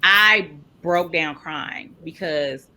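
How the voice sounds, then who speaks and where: A woman recounts her own story in a lower, bright and forceful voice. She is lively and jumps up in pitch to act out what other people said. A faint hiss sits under the recording. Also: very slow. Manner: animated, acts out quoted people with big pitch jumps. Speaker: podcast guest. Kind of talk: personal storytelling interview.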